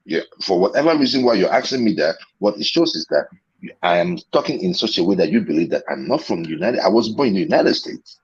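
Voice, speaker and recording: A low, husky-voiced man with a Nigerian accent argues his case on a call-in show, doubling back over his words for emphasis. His voice comes through a dull, muffled line. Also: expressive, quick pace. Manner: repeats himself, emphatic restarts. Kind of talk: heated call-in debate.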